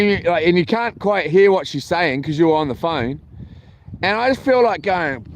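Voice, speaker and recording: A man's voice: high-pitched, lively intonation, moderate pace, a little hiss or hum. A man telling a meandering story for his camping vlog, full of ums and restarts. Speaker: vlogger. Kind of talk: rambling casual storytelling. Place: camping, near a boat on water.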